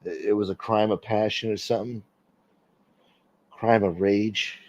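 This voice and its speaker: A man's voice: fairly low pitch, fairly even intonation, a little slow, a little mellow, no echo, muffled recording. Profane rambling New man. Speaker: livestream host reading chat. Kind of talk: casual livestream chat.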